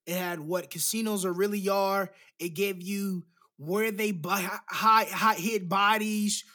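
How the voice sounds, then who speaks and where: A man in casual conversation about a film, lively and laughing often, jumping into acted-out lines. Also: unhurried. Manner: animated, acts out quotes with big pitch jumps, laughs often.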